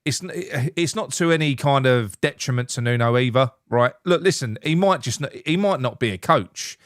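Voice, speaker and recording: A blunt, sweary man talks football in casual, joking banter. His voice sits at an ordinary middle pitch and sounds dry and close, with no room around it. He chats loosely with a co-host. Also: moderate pace, no room sound. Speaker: show host.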